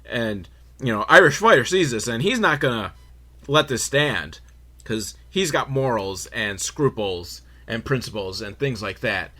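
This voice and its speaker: A man's voice: medium pitch, animated, a little slow, sharp tone. A man hosting a podcast, recapping a film in a rambling, sarcastic, foul-mouthed way. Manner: rambling, sarcastic, swears freely, makes noises for quotes. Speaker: podcast host.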